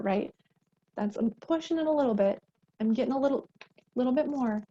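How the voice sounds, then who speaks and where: A woman's voice: high-pitched, brisk, warm tone, highs cut off, slight background noise. A woman advocate giving an educational talk on unhealthy relationships, speaking conversationally, often ending a point with a tag question and acting out example dialogues. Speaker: domestic violence advocate.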